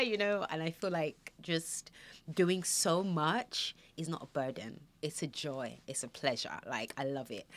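Chatty woman, low bright voice. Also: no echo. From Nigeria. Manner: chatty, animated storytelling with acted-out quotes. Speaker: podcast host. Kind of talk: casual chat.

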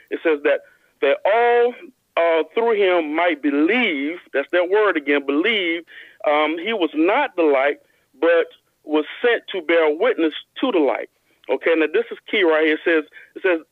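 A man with a fairly high voice makes his case on a call-in show, reading scripture out slowly and stressing key words. He often trips into stammered restarts. His voice sounds dry and tinny, squeezed through a phone line. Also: no echo. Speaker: guest Bible teacher.

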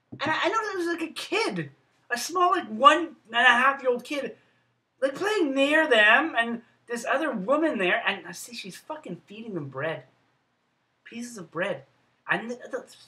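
A man telling a rambling, profane story as a vlogger, jumping between loud outbursts and low mutters. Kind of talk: casual storytelling vlog. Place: Montreal.

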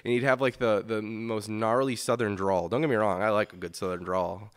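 A man's voice: lowish voice, fairly even intonation, brisk. A man hosting a gaming podcast, talking in a loose, rambling way with lots of fillers and restarts, and swearing casually. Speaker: podcast host.

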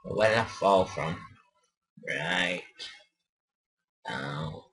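Slow, rambling man playing a game. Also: deep voice, animated, fairly bright tone. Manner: rambling, mumbling, unsure of himself. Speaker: let's play host. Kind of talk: rambling gameplay commentary.

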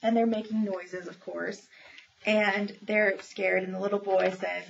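A woman's voice: medium pitch, level tone, unhurried, creaky. A woman reviewing new children's books in a casual book talk, chatty and enthusiastic, with many ums as she retells each story. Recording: dull lo-fi sound with faint noise.

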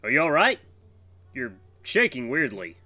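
A man voicing a calm, mysterious male stranger in a visual novel game, smooth and probing. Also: a little high, measured pace, no echo, heavily acted.

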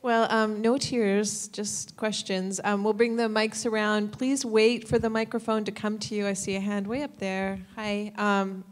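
A woman moderating a live audience Q&A on stage, light and brisk in manner. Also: medium pitch, little pitch movement. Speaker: event moderator.

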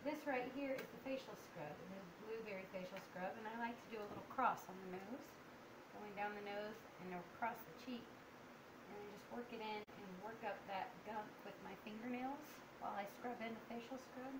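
A woman's voice: medium pitch, a little fast. A woman dog groomer explaining her work casually, cooing soothingly to the dog in between. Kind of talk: casual demonstration while working. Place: grooming room. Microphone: handheld camera. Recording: noisy grooming room.

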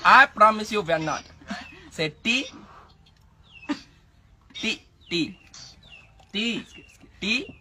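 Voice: medium pitch, expressive, extremely slow, pauses often. A speaker playing a bossy, exasperated language teacher in a comedy skit, laughing often. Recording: loud background noise.

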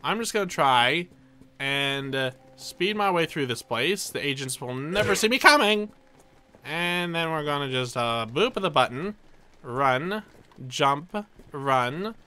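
Young man, let's play commentary, bright tone, fairly high voice, dramatic excitable narration. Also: slow, clear, resonant tone. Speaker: gameplay commentator.

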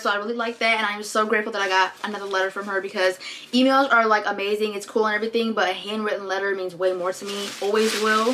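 A woman's voice: mid-range voice, slight background noise. Gushing young woman vlogging. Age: young adult. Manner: gushing, excitable, says "like" often. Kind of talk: casual unboxing vlog.

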